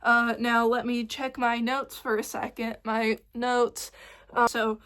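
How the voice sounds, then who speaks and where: A young woman ranting excitedly in a casual fan vlog, rambling with lots of fillers and swearing. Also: on the high side, slow. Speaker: vlogger.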